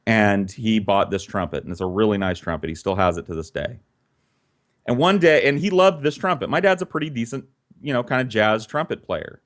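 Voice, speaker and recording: A man's voice: fairly low pitch, fairly quick, fairly bright tone. A man telling a childhood story in a casual, conversational way, swearing freely and animating the tale.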